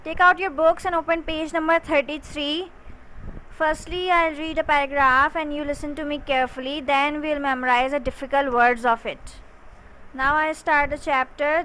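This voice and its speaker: A woman teacher reading a story aloud to a class and slowly spelling out vocabulary words letter by letter. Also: high voice, fairly even intonation, pushed and bright, poor audio. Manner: slow, deliberate dictation, spelling words letter by letter.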